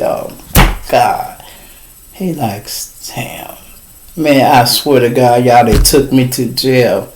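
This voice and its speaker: Animated Chicago man telling street stories. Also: mid-range voice, takes it slowly, a little hiss or hum. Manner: animated street storytelling, addresses listeners as y'all. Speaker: podcast host. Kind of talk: casual storytelling.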